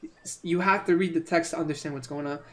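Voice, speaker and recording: A man's voice: fairly high pitch, fast talker, soft background music. Chatty rambling male game streamer. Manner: chatty and rambling, repeats words, excitable outbursts. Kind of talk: casual let's-play commentary.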